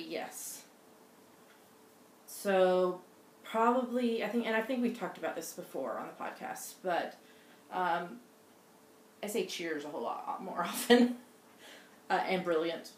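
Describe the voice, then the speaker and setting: A middle-aged woman with a slightly low voice chats on a home knitting podcast, rambling and restarting her sentences. The sound is roomy, with a faint hiss behind her. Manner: chatty, rambling with many fillers and restarts. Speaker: podcast co-host, mother. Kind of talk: casual chat. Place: home in Scotland. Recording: roomy echo, faint noise.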